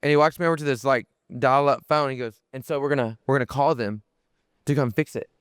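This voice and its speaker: Young male podcast guest, smooth clear voice, mid pitch, animated rambling storyteller. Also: fast, dry recording, studio quality. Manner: animated, lots of fillers and restarts, swears freely. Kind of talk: casual storytelling.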